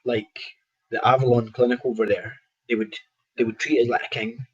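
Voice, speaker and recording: A Scottish man, a boxer, telling lively stories in a casual interview, often acting out what people said and laughing. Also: mid-range voice, fairly quick, slightly rough, dull audio. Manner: animated anecdotes with quoted dialogue, laughs often. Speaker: professional boxer, guest.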